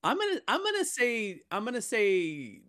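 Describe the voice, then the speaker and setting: A man's voice: sits high, huge pitch swings, normal speed, fairly bright tone, no echo, clean studio sound. Joking, rambling man on a podcast. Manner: joking, rambling, stumbles over words. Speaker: podcast co-host. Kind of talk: casual podcast banter.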